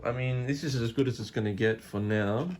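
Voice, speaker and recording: A man's voice: mid-range voice, brisk, slight background noise. A man casually unboxing and reviewing a film release, rambling with many fillers and restarts.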